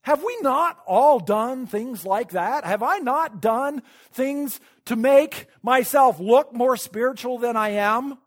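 Animated storytelling male pastor preaching. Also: extremely high pitch, slow, hardly any pauses. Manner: storytelling, animated with sudden loud peaks and quiet asides; laughs at his own points. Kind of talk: sermon.

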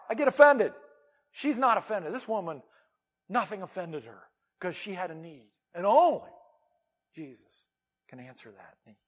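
A male pastor with a high-pitched voice preaches a sermon, animated and emphatic, breaking off into casual asides to his listeners.

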